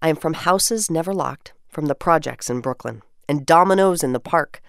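Low-voiced woman radio cohost, upbeat, reads poems out loud, dry close sound. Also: moderate pace, creaky, dry recording. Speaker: radio co-host. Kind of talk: radio chat and poetry reading.

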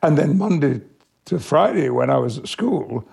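An older man from Yorkshire, an actor being interviewed, telling stories in a measured way with small restarts. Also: on the high side, very animated, gravelly, darkish tone, slightly rough. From Yorkshire, England. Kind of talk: anecdotal interview answers.

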